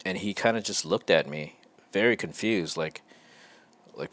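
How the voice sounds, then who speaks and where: A man hosting his own show, telling a personal story in a slow, halting and reflective way with frequent pauses. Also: deep voice, a bit bright, no room sound. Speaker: podcast host.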